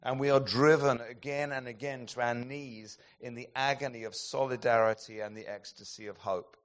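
A man delivering an impassioned sermon at a middle pitch. He moves from booming emphatic lines to near-whispered, drawn-out phrases as he tells his stories. He chuckles softly at his own anecdotes. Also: steady tone. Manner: impassioned storytelling, swinging between loud emphatic peaks and hushed, slow passages. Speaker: preacher.

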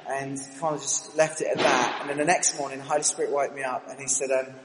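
A British man telling a lively, self-mocking story during a sermon at church. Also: mid-range voice, fast, background noise. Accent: British English. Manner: animated, anecdotal, self-mocking. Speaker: church speaker. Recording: reverberant hall, faint ambience.

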